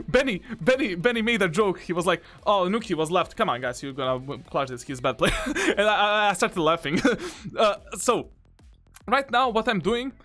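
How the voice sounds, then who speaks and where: A man with a notably high voice talks through his own gameplay like a coach. He is boastful and excitable and slips "bro" in often. Soft music plays faintly behind him. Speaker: game coach reviewing his own match. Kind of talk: gameplay commentary.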